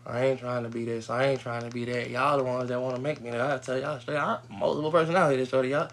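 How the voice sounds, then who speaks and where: A man's voice: medium pitch, level tone, fast talker, a little hiss or hum. A man in a profane, rambling rant that he breaks up with frequent laughs. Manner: profane, laughs often, heated.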